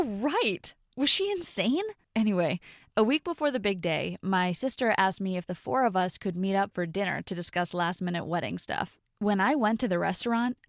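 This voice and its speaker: A young woman narrates her own story in a scripted, expressive manner, dropping in sarcastic asides. Her voice sits in a middle pitch range. The recording is dry and close, with no room sound. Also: no echo.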